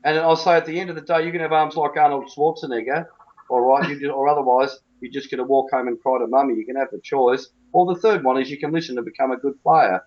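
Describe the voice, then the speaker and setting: A man's voice: medium pitch, fairly even intonation, quick pace, lo-fi sound. A man who coaches cricket, talking bluntly and emphatically in a colloquial interview.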